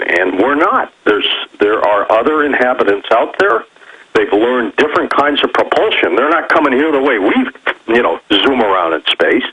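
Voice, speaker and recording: Older man with husky, lively radio voice. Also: medium pitch, low-quality recording. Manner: storytelling, animated, quick bursts of emphasis. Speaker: radio host calling in as guest. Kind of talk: talk radio guest interview.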